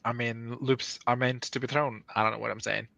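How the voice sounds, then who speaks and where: A man's voice: medium pitch, level tone, brisk, vocal fry, sharp tone, no room sound. A man co-hosting a casual live stream, reading chat messages aloud and joking around. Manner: playful, joking, laughs often. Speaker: podcast co-host reading chat.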